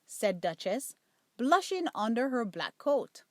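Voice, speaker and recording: Slow, expressive woman reading a bedtime story. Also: fairly high pitch, no echo, clean studio sound. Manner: gentle, expressive read-aloud.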